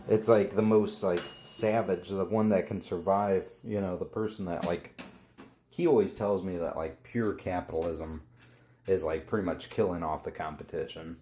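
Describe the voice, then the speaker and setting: A man's voice: low-pitched, steady tone, normal speed, warm tone, a little hiss or hum. A man casually telling a story to camera, rambling with lots of fillers and swearing.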